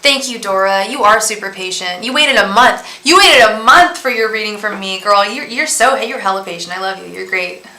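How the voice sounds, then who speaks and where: A woman's voice: mid-range voice, animated, moderate pace, pushed and bright. A young woman hosting a live tarot stream, chatty and rambling as she talks straight to her viewers. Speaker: tarot reader and psychic host. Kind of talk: casual live-stream chat. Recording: roomy room echo.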